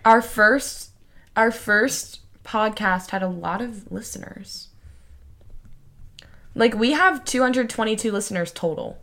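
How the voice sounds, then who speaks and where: A teenage girl co-hosting a casual podcast, playful and excitable in her banter. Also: fairly high pitch, slow pace. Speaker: podcast co-host. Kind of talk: casual chat.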